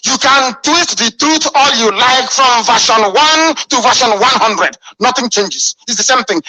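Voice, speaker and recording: A man's voice: extremely high pitch, animated, a little slow, hardly any pauses, pushed and bright, rough recording. A man delivering a fiery, scornful radio address full of rhetorical questions. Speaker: radio broadcaster.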